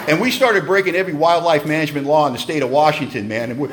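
A middle-aged man telling a personal story to a meeting audience in an animated, conversational way. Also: a little high, fast, few pauses, background noise. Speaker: speaker at a recovery meeting.

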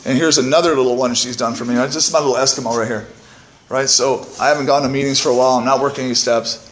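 A man's voice: mid-range voice, fairly even intonation, rapid-fire, reverberant, slight background noise. A man telling his own story to a recovery meeting from the podium, candid and self-mocking, swearing freely and often tagging "right?" onto his points. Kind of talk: personal testimony to a meeting. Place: meeting room. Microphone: podium microphone.

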